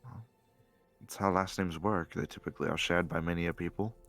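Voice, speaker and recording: Man, very low voice, gravelly, wry, tabletop player. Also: fairly even intonation, fairly quick, a bit bright, faint music behind. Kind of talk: playing a tabletop game in character.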